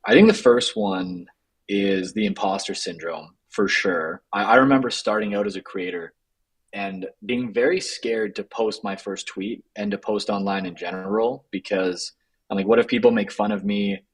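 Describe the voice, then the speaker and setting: Husky-voiced young-sounding male guest. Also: on the low side, normal speed, low-quality recording. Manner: casual, frequent "like" fillers. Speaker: guest, writer and co-founder. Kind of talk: interview conversation.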